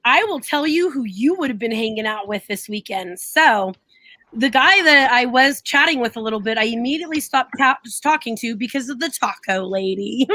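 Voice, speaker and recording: A young woman co-hosting a casual live stream, telling animated stories and laughing often as she acts out what people said. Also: fairly high pitch, normal speed, no echo. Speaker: co-host.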